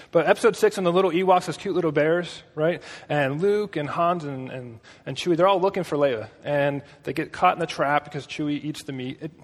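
In a hall with long reverb, a man with a fairly high, husky voice gives a casual sermon. He talks conversationally, weaving stories together with joking asides.

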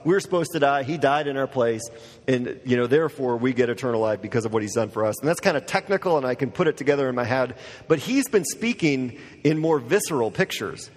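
A man's voice: medium pitch, expressive, brisk. A man preaching a sermon to his church in a casual, conversational way, full of fillers and asides. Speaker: pastor. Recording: long church hall reverb.

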